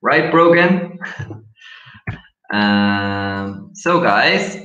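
Slow-talking man teaching English. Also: medium pitch, bright, forceful tone. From Ireland. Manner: slow and deliberate, with many pauses and fillers. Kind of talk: online lesson. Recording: echoey room, dull lo-fi sound.

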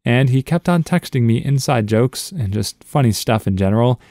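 A man narrating a string of short reader-submitted stories in a steady, even storytelling read. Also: medium pitch, moderate pace, no room sound, studio quality.

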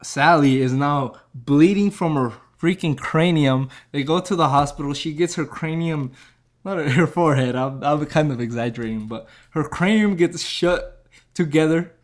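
A man's voice: a little high, normal speed. Rambling man recapping a movie. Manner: rambling, lots of fillers, laughs at own jokes. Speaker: movie reviewer. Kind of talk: casual movie plot recap.

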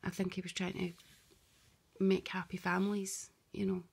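Woman, confiding rambling monologue, husky, flat delivery, slips into whispers. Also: fairly low pitch, unhurried. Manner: hushed, often drops to a whisper; meandering and confiding, voices both sides of an imagined dialogue. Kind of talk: rambling spoken monologue to camera.

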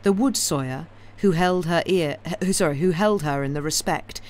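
A woman reading a classic novel aloud on a live stream, steady, correcting small slips as she goes. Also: fairly low pitch, moderate pace. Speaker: audiobook reader, streamer.

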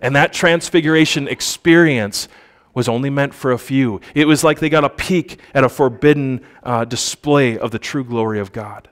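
Brief: a male pastor giving a chatty church sermon, mid-pitched voice, reads scripture slowly. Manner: conversational, asks the congregation for responses; reads scripture aloud with slow emphasis.

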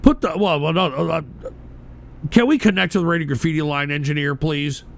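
A man hosting a call-in stream show, ranting abrasively, hurling insults and often bursting into shouts while drinking beer. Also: fairly high pitch, a little fast, gravelly. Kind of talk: profane live-stream rant.

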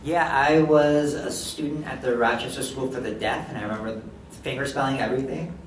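A man voices a deaf presenter's signed story in first person as a live interpreter, making short restarts. His mid-range voice keeps fairly even intonation at a fairly quick pace, picked up by a distant mic in an echoey hall with background noise.

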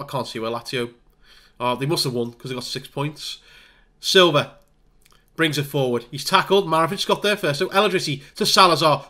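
A man giving casual let's-play commentary on a football management game, chatting through the match with wry asides and bursts of excitement. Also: fairly high pitch. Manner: wry, self-deprecating asides. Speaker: gaming video creator.

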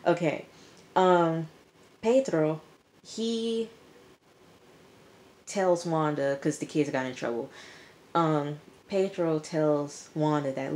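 A woman giving a chatty, animated recap of a TV episode to her viewers, talking to them directly. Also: low-pitched, slow, pauses often. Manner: chatty, animated storytelling, addresses viewers as y'all. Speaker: TV episode reviewer. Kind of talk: casual recap vlog.

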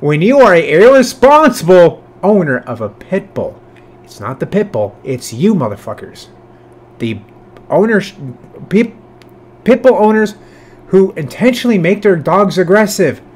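A man hosting a reaction video in casual, profane commentary, swinging between loud outbursts and low mutters, sometimes cooing baby talk at his cat. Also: big pitch swings, measured pace, breathy edge.

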